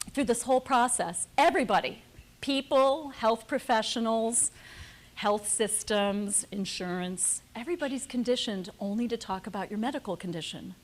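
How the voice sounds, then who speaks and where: A middle-aged woman speaking on a panel, telling her family's story in an earnest, personal way. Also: fairly high pitch. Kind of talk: prepared panel talk.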